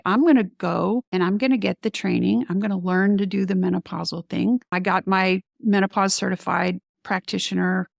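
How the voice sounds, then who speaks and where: A woman's voice: mid-range voice, vocal fry, no room sound, studio quality. A middle-aged woman, a guest doctor in an interview, telling her story animatedly and acting out quoted remarks.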